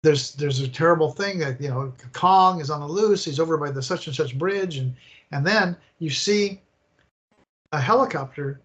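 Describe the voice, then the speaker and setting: An older man telling animated, rambling stories as a guest in an interview, acting out the scenes as he goes. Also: fairly high pitch, normal speed. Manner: animated, rambling storyteller who acts out scenes. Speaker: guest, attraction designer. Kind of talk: casual interview storytelling.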